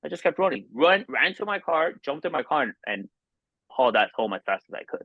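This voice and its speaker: A man's voice: on the high side, sing-song, slightly rough, dry recording. Earnest man in his forties, dull dry sound. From Miami, United States. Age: 40s. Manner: earnest, halting, many restarts. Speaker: podcast guest. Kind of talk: personal storytelling.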